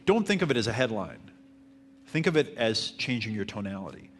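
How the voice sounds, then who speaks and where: A man teaching marketing at a live seminar, answering audience questions in a fairly even, self-described monotone manner. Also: fairly low pitch, fairly quick, slight background noise. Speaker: marketing instructor.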